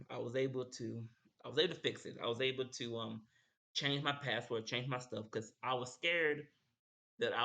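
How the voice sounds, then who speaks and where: A man's voice: mid-range voice, bright, forceful tone. A young man telling a casual story as a streamer host, rambling and repeating himself. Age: young adult.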